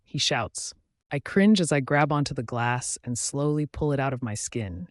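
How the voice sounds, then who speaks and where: A man narrating a first-person romance audiobook in a steady, even reading on a close microphone. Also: medium pitch, moderate pace, dry recording.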